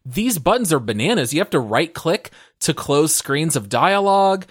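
A man's voice: fairly high pitch, big pitch swings, moderate pace, husky, no room sound, studio quality. A man co-hosting a gaming podcast in casual chat, easygoing and enthusiastic. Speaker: podcast co-host.

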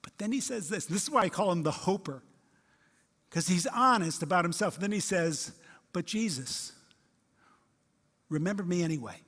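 A man with a fairly high voice preaches a sermon, animated and expressive. He acts out the people he quotes, rising loud one moment and dropping to a hush the next. His voice rings with the long reverb of a large hall. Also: normal speed, breathy edge. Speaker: pastor.

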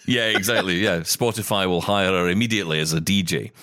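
This podcast co-host, a Scottish man with a low voice, talks briskly and excitedly about tech in a casual way, often fixing his words mid-sentence. The sound is dry and studio quality.

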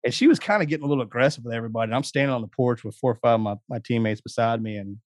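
A man tells a family story in a loose, folksy way, chuckling between lines. His voice sits at a middling pitch and sounds close, with no room around it. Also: racing, no room sound. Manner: folksy, laughing asides. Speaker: guest, Navy SEAL veteran. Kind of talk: casual storytelling.

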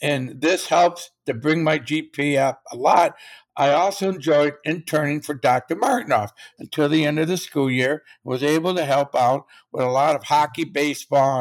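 A man's voice: fairly high pitch, moderate pace. An older man, a motivational speaker, telling a story in an interview and acting out the quotes.

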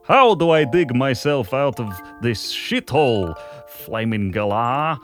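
Comic read: a man putting on a Slavic Australian letter writer, lively and hammy. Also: low-pitched, soft background music, voice pushed down. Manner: hammy and deliberate, slangy asides.

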